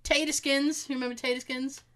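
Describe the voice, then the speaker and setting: Podcast co-host, woman, Boston accent, high-ish, laughs easily, chatty. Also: fairly quick. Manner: giggly, animated, laughs often. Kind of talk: casual chat.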